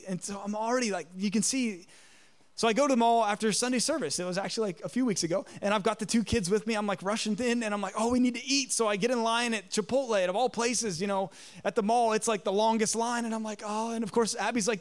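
A pastor in his thirties with a high voice talks fast as he preaches a sermon. He tells a story animatedly, acting out the voices of its characters.

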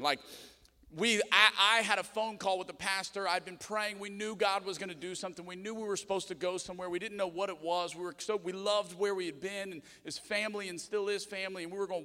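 A man's voice: high voice, bright, forceful tone. A middle-aged man, a pastor, preaching a sermon and telling stories with self-mocking humor. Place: church auditorium. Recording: long reverb in a church hall.

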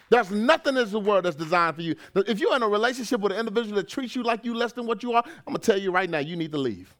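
Male pastor, high bright voice, lively sermon, slangy, builds to shouts. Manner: conversational preaching, rising to shouts, casual slang. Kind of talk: energetic preaching sermon.

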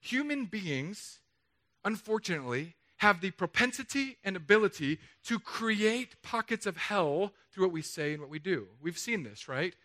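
A pastor preaches a sermon in a chapel with emphatic energy, swinging between loud declarations and quiet asides. His voice is high-pitched and his pace moderate.

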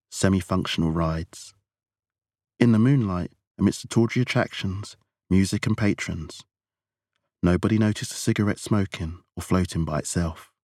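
Male narrator for audiobook, very low voice, dry close recording. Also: no room sound.

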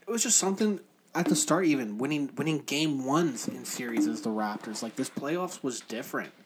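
Excitable man in casual sports chat. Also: medium pitch, a little fast, heavy background noise. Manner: excited, run-on talk with restarts.

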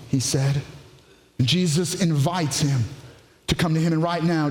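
High-voiced preaching man in an echoey hall. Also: lively intonation. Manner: passionate preaching, shifting between rapid bursts and slow emphatic phrases. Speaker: pastor. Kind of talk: sermon.

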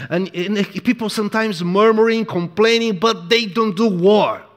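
A man preaching a sermon in an emphatic, repetitive way, moving between hushed and loud delivery. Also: high-pitched, normal speed, hardly any pauses. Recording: echoey hall with long reverb.

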